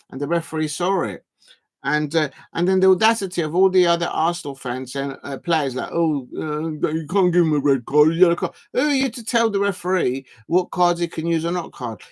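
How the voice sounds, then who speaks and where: A man, chatting casually on a live football watch-along stream, rambling and drawing out words as he types. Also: fairly high pitch.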